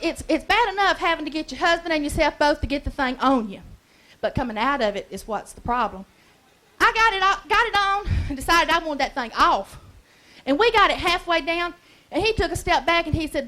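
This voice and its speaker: A Southern-accented woman tells stories on a comedy club stage. Her voice sits very high and rings bright and forceful. She is folksy and brash, building to bawdy punchlines. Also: expressive, brisk. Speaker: stand-up comedian. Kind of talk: stand-up comedy routine.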